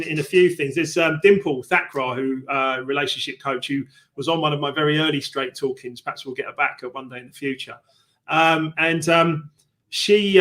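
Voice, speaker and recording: Chatty man hosting, voice a touch high. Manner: animated storyteller, explains with analogies. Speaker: host of a live book club show. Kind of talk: casual live-stream chat.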